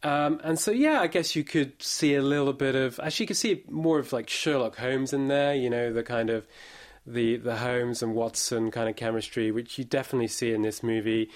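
A man's voice: mid-range voice, steady tone, brisk. Hesitant male film critic. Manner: hesitant, many fillers and restarts. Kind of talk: casual chat.

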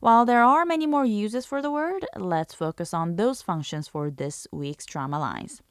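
A woman's voice: mid-range voice, moderate pace, clear, resonant tone, no room sound, studio quality. A woman hosting a language lesson, reading a scripted explanation and demonstrating intonation with example phrases. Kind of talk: scripted radio-style lesson narration.

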